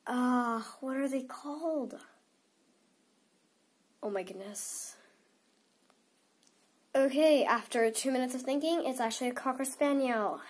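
A teenage girl with a slightly high voice and a blocked, stuffy nose talks casually to camera. She giggles often and rambles, filling her sentences with "like". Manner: giggly and rambling, many "like" fillers. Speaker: toy unboxing vlogger.

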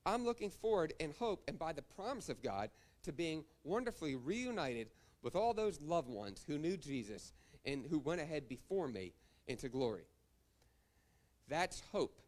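A man's voice: fairly high pitch, sing-song, normal speed. A male pastor preaching a sermon, reading scripture verses and calling out to the congregation for amens.

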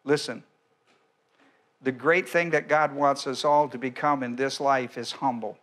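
Delivering a verse-by-verse sermon, this male pastor has a mid-range voice with a steady, somewhat bright tone. His speech is deliberate, broken by frequent restarts and the odd throat-clearing.

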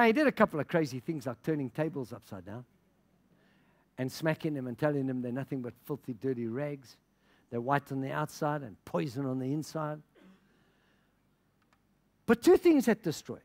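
A middle-aged pastor from Africa preaching with passion. His voice sits high for a man and swings all over the place as he acts out the people in his stories. He laughs between anecdotes. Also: very animated, normal speed, long pauses. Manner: passionate storytelling with laughter and quoted dialogue. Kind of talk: sermon.

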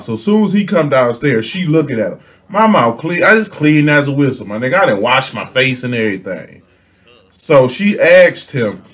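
A man's voice: on the high side, moderate pace. A young man telling a comedic storytime on his own channel, slangy and laughing, acting out the people in his story. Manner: animated, laughing, slangy, acts out quotes. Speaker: storytelling vlogger.

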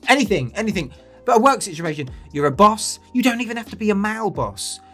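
A man rants comedically as host, his pitch swinging widely. He is sweary and sarcastic and breaks into mocking outbursts. Faint music sits underneath. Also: sing-song, fast talker, a bit bright, breathy edge. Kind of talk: comedic rant.

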